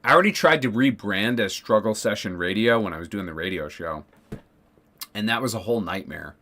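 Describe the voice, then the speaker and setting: A man's voice: fairly low pitch, animated, a little fast, pushed and bright. A man streaming casually, ranting sarcastically with lots of swearing, fillers and restarts. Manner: profane, sarcastic, rambling with many fillers.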